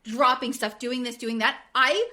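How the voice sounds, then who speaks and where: A woman's voice: on the high side, normal speed, sharp tone. A woman co-hosting a casual podcast chat, blunt and candid, laughing often. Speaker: podcast co-host. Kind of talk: casual chat recapping a reality show.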